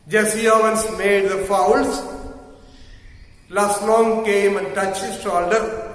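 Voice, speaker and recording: A man with a high voice teaches a literature lesson, talking slowly and repeating each point so it sinks in. His words ring out with heavy echo and a long, hall-like reverb trailing behind them. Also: fairly bright tone. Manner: slow, deliberate, repeats key phrases; spells words out letter by letter. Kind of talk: classroom lesson explaining a story.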